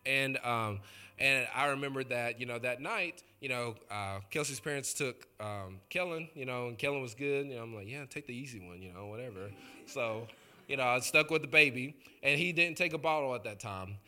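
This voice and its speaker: A man's voice: medium pitch, normal speed, pushed and bright, clean tone. A male pastor preaching in a loose, joking storytelling way, talking straight to the congregation. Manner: chatty, joking, addresses the congregation directly. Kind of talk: conversational sermon storytelling.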